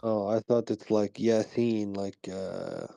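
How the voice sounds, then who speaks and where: A man calling into a live show, asking quiet, hesitant questions. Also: fairly low pitch, steady tone, slow pace, creaky, no echo. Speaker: caller. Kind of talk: phoned-in conversation.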